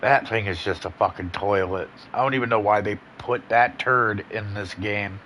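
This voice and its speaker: A man with a fairly low voice talks through his gameplay in a loose, rambling way. He is blunt and swears freely. Faint noise sits under the recording. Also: normal speed, bright, forceful tone. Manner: laid-back, rambling, profane and blunt. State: yawning, a bit tired. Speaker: gaming channel host. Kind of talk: casual gameplay commentary.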